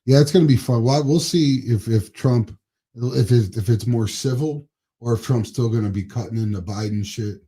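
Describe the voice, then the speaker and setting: A man's voice: medium pitch, normal speed, mellow, breathy edge. A man co-hosting a podcast in casual political chat, swearing freely, laughing often and trailing off into mumbles. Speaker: podcast co-host.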